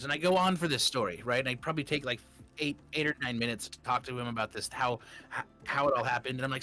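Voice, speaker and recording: A man playing a tabletop game, describing his character's actions in a rambling, halting way. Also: mid-range voice, sharp tone, faint music behind. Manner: rambling, halting, many restarts. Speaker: player. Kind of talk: casual tabletop game chat.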